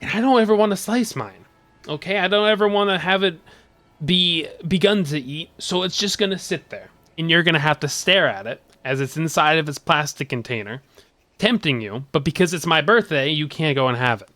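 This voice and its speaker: A man chatting on a game stream with a bright, forward tone that sits a little high. He rambles playfully, laughs a lot and teases his chat, recorded dry and close with no room sound. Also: brisk, no echo.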